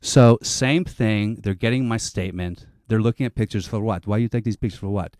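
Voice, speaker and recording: A man telling a long comic story on a panel show, animated and swearing, acting out other people's lines. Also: lowish voice, a little fast, no room sound, studio quality.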